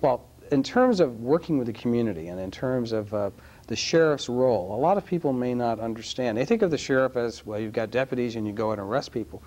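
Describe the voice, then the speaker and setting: A man's voice: mid-range voice, expressive, fast talker, darkish tone. A man hosting a talk show who asks curious, conversational interview questions. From New York.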